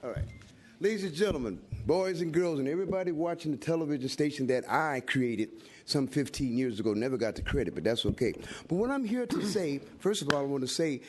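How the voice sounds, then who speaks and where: A man's voice: medium pitch, lively intonation, fast, slight background noise. An older man and community activist giving fiery public comment at a city hearing, emphatic and rhyming like a preacher. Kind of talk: impassioned public testimony.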